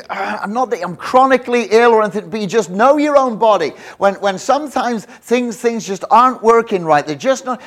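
A man's voice: high-pitched, expressive, brisk, fairly bright tone. A man giving an informal, jokey sermon, rambling with many restarts. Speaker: visiting preacher.

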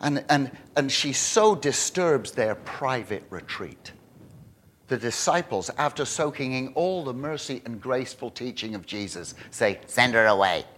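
A man preaching a sermon, animated and emphatic, with frequent restarts. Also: mid-range voice, measured pace. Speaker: pastor.

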